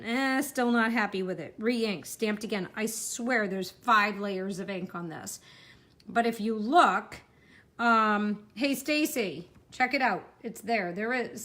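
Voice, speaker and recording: A woman's voice: a little high, a bit bright. A chatty woman giving a casual live card-making demo, talking while she works and joking about herself. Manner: chatty, self-deprecating, talks while working.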